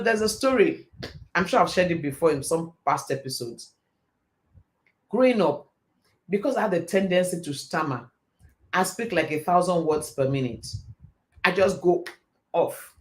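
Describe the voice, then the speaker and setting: Fast-talking man giving a faith talk. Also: a little high. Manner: fast, animated storytelling. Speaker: host. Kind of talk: motivational faith talk on a live stream.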